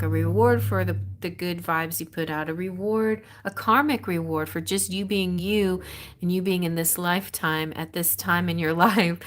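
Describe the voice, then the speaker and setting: A woman giving a tarot reading on a live stream, rambling and excitable and often restarting her sentences. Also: fairly low pitch, slight background noise. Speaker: tarot reader.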